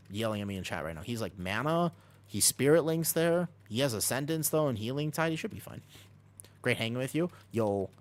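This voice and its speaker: A man live-streaming a video game, talking quickly and casually over the action as he guides his team and answers chat from his home streaming room. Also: medium pitch. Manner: talks fast over gameplay, jumps between coaching and chatting. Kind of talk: live gameplay commentary and chat.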